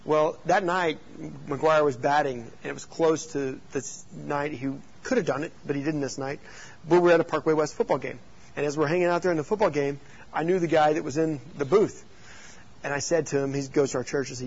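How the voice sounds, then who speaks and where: A youth pastor teaches youth leaders with animated, joking stories and rhetorical questions. His voice is fairly high, fast, and husky, and the audio sounds dull.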